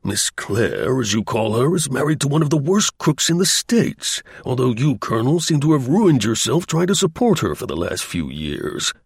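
A brisk, shrewd middle-aged gentleman talks bluntly and genially, as a male narrator plays him. His pitch moves a lot within a phrase, and his voice has a gravelly, husky texture. The sound is dry and close. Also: sing-song, no echo, exaggerated voice. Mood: hard.

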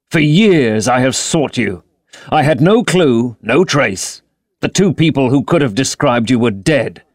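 A man voicing a vengeful young sailor who speaks slowly and threateningly, in a storybook reading. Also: medium pitch, no echo, clean studio sound. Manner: slow, threatening, growling delivery.

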